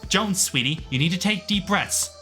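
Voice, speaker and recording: Man putting on a motherly nurse, gentle, coaxing, raised voice, visual novel. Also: sits high, expressive, normal speed, faint music behind, voice pushed up. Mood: soothing.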